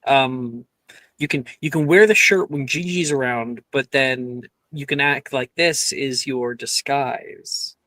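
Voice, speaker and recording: A man's voice: medium pitch, slow, sharp tone, no room sound. A man playing a tabletop game in character, rambling and playful, often breaking into laughs. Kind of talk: in-character role-play.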